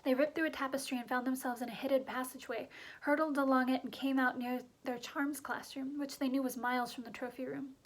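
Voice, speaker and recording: Brief: woman with a high voice, reading a story aloud briskly. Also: fairly even intonation, low-quality recording. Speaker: reader. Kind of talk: audiobook narration.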